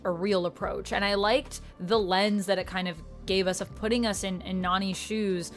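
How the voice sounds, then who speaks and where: A young woman reviewing a film in a casual, chatty way, with sudden animated rises in her voice. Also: medium pitch, normal speed, soft background music.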